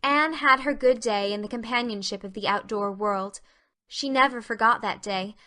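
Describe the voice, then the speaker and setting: A woman reading classic fiction aloud as narrator, her voice bright and ringing and pitched a little high. Her storytelling is expressive and carefully paced. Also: normal speed. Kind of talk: scripted narration of a classic novel.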